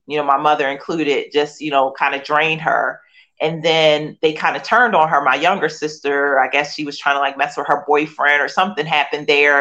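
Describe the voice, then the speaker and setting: A woman's voice: low voice, fairly bright tone, dull audio. A woman in her forties from Philadelphia shares her personal testimony as a guest. She tells it earnestly and emotionally, with many you-knows and restarts. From Philadelphia, USA. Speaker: author and guest.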